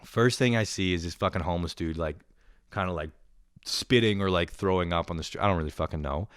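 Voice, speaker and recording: Young guy, low smooth voice, profane rambling storyteller, close dry mic. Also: quick pace, no room sound. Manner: profane, rambling, animated retelling. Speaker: vlogger. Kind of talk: casual storytelling monologue.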